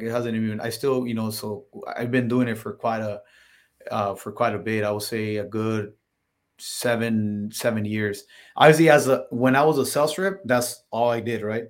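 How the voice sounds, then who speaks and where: Chatty man telling stories, lots of fillers. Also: medium pitch. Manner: filler-heavy, animated when quoting himself. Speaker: podcast guest, solar salesman. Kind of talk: casual interview storytelling.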